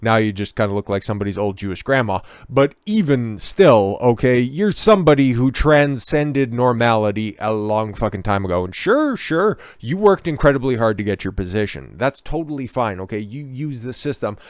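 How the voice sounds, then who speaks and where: A man rants in a commentary video, sarcastic and full of profanity as he heckles. His voice sits at a medium pitch. The sound is close and dry, with no room echo. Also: lively intonation, normal speed, hardly any pauses, clean tone. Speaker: online commentator.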